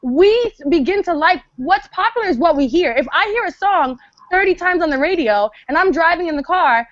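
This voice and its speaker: Woman panelist, calm, high voice, dry dull lo-fi audio. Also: normal speed, no echo. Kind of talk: panel discussion.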